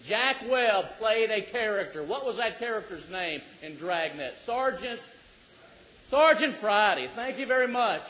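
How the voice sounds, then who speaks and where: A middle-aged man preaching a sermon, joking with the congregation and rising to shouts for emphasis. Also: high voice, lively intonation, unhurried. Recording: dull lo-fi recording.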